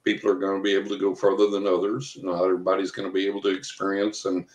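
Older man with a very deep voice. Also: completely flat delivery, racing, darkish tone. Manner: rambling anecdotes with many fillers and acted quotes. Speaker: guest, psychic investigator. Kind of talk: storytelling in an interview. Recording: echoey room.

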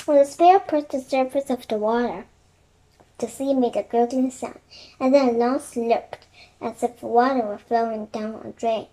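High-voiced woman narrating a kids' chapter book aloud, gentle and quiet. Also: moderate pace, rough recording. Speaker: storybook reader.

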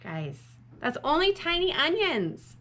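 A woman doing a loud, bossy storybook friend. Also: sits high, very animated, takes it slowly, heavy background noise, pitched above the performer's own voice, full character voice. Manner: calls out loudly, chiding.

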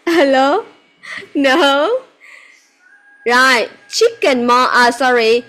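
A woman teaching English one-on-one to a child. Her voice is high, and her delivery is slow and deliberate. She quizzes with patient, repeated yes-no questions and slips into now and then. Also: lively intonation, a bit bright. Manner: mixes in Vietnamese phrases.

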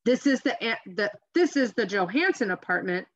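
A woman reading as a harsh, loud soldier. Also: a little high, big pitch swings, normal speed. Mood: demanding. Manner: demanding. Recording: dull lo-fi recording.

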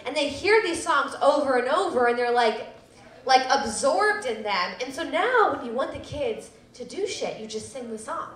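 At a public storytelling event, a woman in her thirties tells a personal story live, self-deprecating and dropping laughing asides. Her high-pitched voice is animated at a normal speed, and the room sounds echoey.

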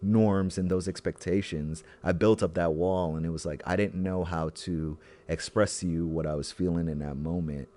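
Deep-voiced, reflective man co-host. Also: fairly even intonation, normal speed, few pauses, warm tone. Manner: reflective, searching for words. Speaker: podcast co-host. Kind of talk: casual chat.

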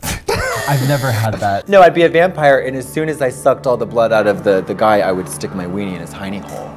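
A man's voice: fairly low pitch, brisk, background noise. A man co-hosting a comedy show, rambling through absurd stories and breaking into yelping laughs.

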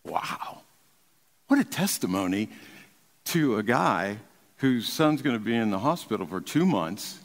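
An older man, a pastor preaching an emphatic sermon from the pulpit, swinging between raised and hushed delivery. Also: lowish voice, big-room sound. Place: large church sanctuary.

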